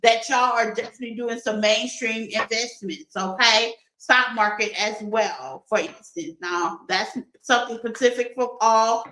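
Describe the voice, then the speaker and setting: A woman's voice: fairly high pitch, unhurried, hardly any pauses, pushed and bright, reverberant, rough recording. A woman doing a casual tarot reading for her viewers, playful and laughing often as she talks to them like friends. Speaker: tarot reader.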